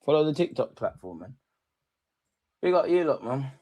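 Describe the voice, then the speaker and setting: A man's voice: medium pitch, moderate pace. A young man hosting a livestream football reaction, ranting and taunting his chat. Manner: excitable, taunting, shouts at chat. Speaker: fan channel host.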